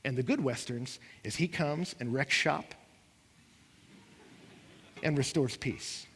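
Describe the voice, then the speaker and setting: A man's voice: mid-range voice, takes it slowly, a little hiss or hum. A man preaching a sermon, acting out what his listeners say, with rising and falling intensity. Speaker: pastor. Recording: long hall reverb.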